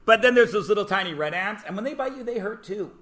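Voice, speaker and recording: A man's voice: high voice, animated, quick pace, fairly bright tone. A man teaching a math class, joking about himself and prodding students to guess answers. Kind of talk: classroom lecture.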